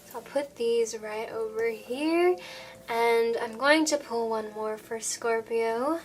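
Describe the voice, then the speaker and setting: Soft-spoken woman giving a tarot reading. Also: fairly high pitch, slow, background noise. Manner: gentle, reassuring, with frequent fillers. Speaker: tarot reader.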